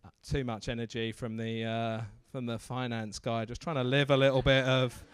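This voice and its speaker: A male stand-up comedian doing crowd work on a club stage, teasing the audience with quick-fire questions into a handheld mic. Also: medium pitch, flat delivery, smooth, no echo.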